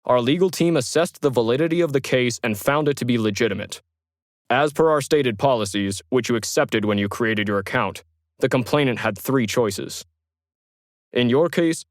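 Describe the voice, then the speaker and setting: A man's voice: mid-range voice, no echo, studio quality, lightly acted. A man voicing an authoritative male company representative delivering formal news in an audio story.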